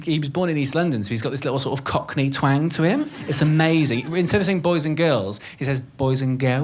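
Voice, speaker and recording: A man in his thirties with a Welsh accent doing a stand-up set, chatty and swearing, working the crowd from a club stage. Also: a little high. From Wales. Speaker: stand-up comedian. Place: comedy club stage with live audience. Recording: live club recording with audience noise.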